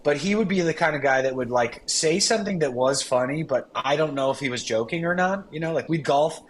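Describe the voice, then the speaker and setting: A man guesting on a casual talk show, easygoing and quick to laugh. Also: a little high, slight background noise. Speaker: guest, cigar company representative. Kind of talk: casual chat.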